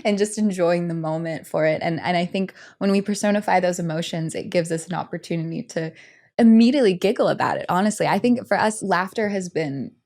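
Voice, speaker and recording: Young female podcast guest, slightly low pitch, bubbly, giggly, rambling casual talk. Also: brisk, a little mellow. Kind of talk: casual chat.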